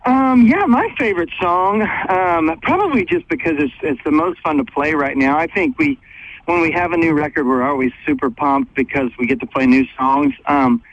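Upbeat, excitable male musician calling in from backstage; lively, slightly high voice on a lo-fi line. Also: moderate pace. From United States. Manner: upbeat, excitable, laughs easily. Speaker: guest musician. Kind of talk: casual phone interview. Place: backstage at a concert venue. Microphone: phone call. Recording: dull phone-line sound with faint noise.

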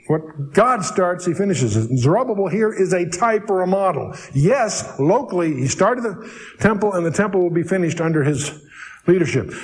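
Male Bible teacher, slightly high voice, conversational lecture with dry humor and slow, deliberate scripture readings. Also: poor audio. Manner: conversational, wry asides, reads scripture slowly and deliberately.

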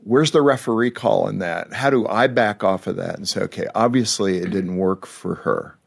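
A man's voice: lowish voice, moderate pace, creaky, slightly rough. A male host in a conversational interview, asking long questions with playful voice shifts.

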